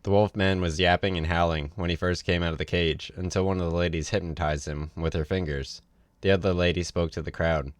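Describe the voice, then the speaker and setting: A man reads a novel aloud for a livestream, in an easy, casual way with offhand asides. His voice sits very low. The sound is close and dry. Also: steady tone, a little fast, dry recording. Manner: casual read with ad-libbed asides. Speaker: reader.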